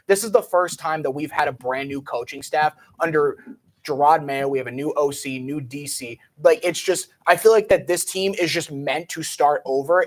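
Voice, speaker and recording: A young man on a sports panel talking football, eager and repeating himself as he gets fired up. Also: fairly high pitch. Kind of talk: casual sports chat.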